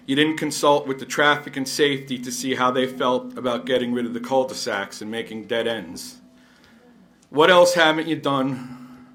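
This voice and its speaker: A man speaking for the rec commission at a council meeting, pointed and questioning, at a podium microphone. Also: medium pitch. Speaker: resident representing the rec commission. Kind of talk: public meeting comment.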